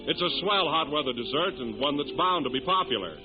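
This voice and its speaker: A fairly high, very lively male announcer, his voice bouncing through a smooth, upbeat commercial read. The sound is dull and old-fashioned, with music playing clearly behind him. It has the feel of a 1930s radio broadcast. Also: a little fast. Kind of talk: scripted radio narration and commercial.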